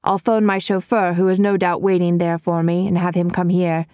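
A woman's voice: fairly low pitch, flat delivery, moderate pace, darkish tone, dry recording, studio quality, lightly acted. A woman voicing a dignified male banker who speaks courteously and formally.

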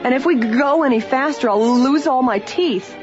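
A woman's voice: medium pitch, sing-song, brisk, mellow, lo-fi sound, faint music behind, voice pushed up, lightly acted. A woman voicing a timid, anxious teenage girl who frets and complains. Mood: uneasy.

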